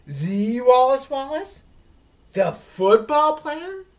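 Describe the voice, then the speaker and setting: A woman voicing an excitable ten-year-old boy in a storybook reading, breathless and gushing. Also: mid-range voice, a little slow, pitched above the performer's own voice. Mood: excited.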